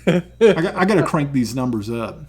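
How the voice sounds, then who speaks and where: A Southern American man runs a tabletop game on his stream and chats between sessions. His voice sits a little high and bounces all over the place. He laughs often and swears casually. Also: very animated, moderate pace, crowd noise. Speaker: dungeon master and streamer.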